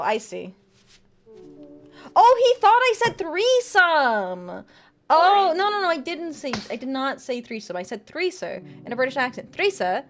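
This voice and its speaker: A woman's voice: sits high, a bit bright, slight background noise. A young woman streaming a game live, chatting and joking with her viewers and reading tarot cards aloud. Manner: giggly, jokey, reads chat and tarot cards aloud. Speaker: VTuber streamer.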